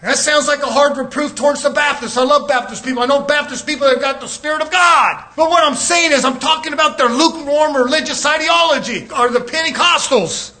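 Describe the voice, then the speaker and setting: High, bright-voiced fiery preacher man. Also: fairly quick, hardly any pauses. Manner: shouting, preaching with rising intensity, mimicking whiny voices. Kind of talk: fiery sermon.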